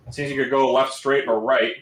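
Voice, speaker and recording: A man's voice: mid-range voice, level tone, fairly quick, a bit bright, reverberant, rough recording. A man narrating as game master in a loose, casual way, full of fillers.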